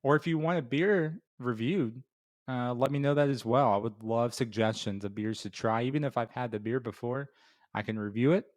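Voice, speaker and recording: A man's voice: medium pitch, moderate pace. A middle-aged man hosting a beer review show, telling a casual story full of fillers and restarts before giving his rating. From Florida. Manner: rambling with many fillers and restarts.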